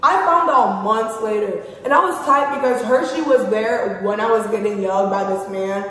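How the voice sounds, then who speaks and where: A young woman from Haiti telling a profane, animated storytime as a vlogger. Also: medium pitch, normal speed. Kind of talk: storytime vlog. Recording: very echoey room with long reverb, faint music.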